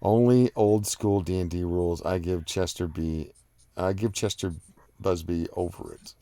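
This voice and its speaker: Deep-voiced man reading live chat. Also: steady tone, unhurried, warm tone, dry recording. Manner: rambling, many fillers and restarts. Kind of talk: casual live-stream chat.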